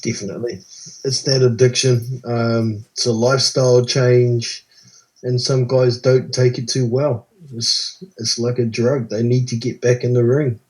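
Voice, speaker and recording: A man's voice: medium pitch, level tone, unhurried, darkish tone, low-quality recording. A man joining a live boxing chat as a guest, giving frank, matter-of-fact opinions. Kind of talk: casual live-stream chat.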